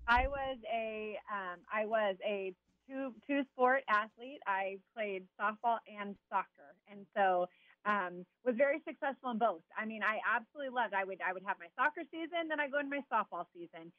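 A woman's voice: medium pitch, lively intonation, moderate pace, dry recording. Woman from Southern California on a dull line. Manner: easygoing, frequent "you know" and "um". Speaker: guest, former softball player. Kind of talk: casual interview chat.

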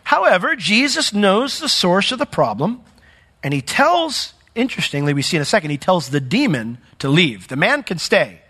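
A man preaching a sermon as pastor, telling a story with big swings between loud emphasis and quiet asides. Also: high voice, normal speed, breathy edge. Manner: animated storytelling with dramatic swings in volume.

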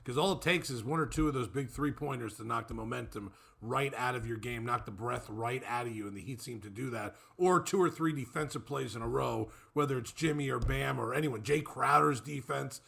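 A man co-hosting a sports talk radio show, giving steady, conversational game analysis. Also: mid-range voice, brisk, gravelly, few pauses, husky.

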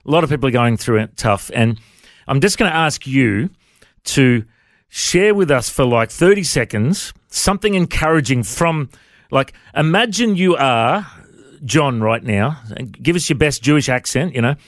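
A man's voice: mid-range voice, lively intonation, normal speed, no room sound, studio quality. A man hosting a faith radio interview, friendly and chatty. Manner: friendly, says mate a lot. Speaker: radio host.

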